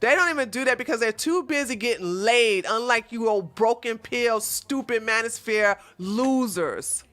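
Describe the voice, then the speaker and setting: A woman hosting a livestream, chatting in a blunt, animated, casual way. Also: a little high, moderate pace, hardly any pauses. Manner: blunt and animated, with frequent restarts. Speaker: livestream host. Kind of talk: casual opinionated chat.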